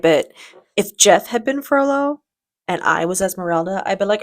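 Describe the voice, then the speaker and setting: A woman's voice: mid-range voice, expressive, moderate pace, soft background music. A woman hosting a reaction video, giving casual commentary in a chatty, enthusiastic way with frequent restarts.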